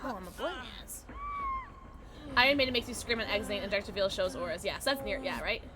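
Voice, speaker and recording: A woman streaming a game, chatting casually with viewers in an excitable way, with sudden high yelps and laughs. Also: brisk. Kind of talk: casual livestream chat while gaming. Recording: game music behind the voice. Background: game music.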